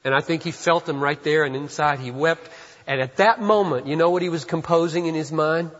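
A man preaching a sermon as pastor, moving from hushed, slow reflection to loud, emphatic passages. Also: a little high, fairly even intonation. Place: church sanctuary. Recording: dull reverberant church hall.

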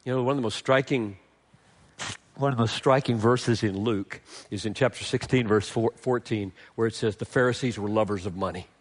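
A middle-aged male pastor preaching a sermon, swinging from emphatic lines to hushed, tender ones. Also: fairly low pitch, brisk.

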